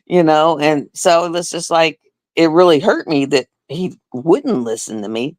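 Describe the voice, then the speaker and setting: A middle-aged woman who works as a nurse, telling a story on a casual live stream in an animated, emphatic way and repeating words for effect. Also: low-pitched, unhurried, dry recording.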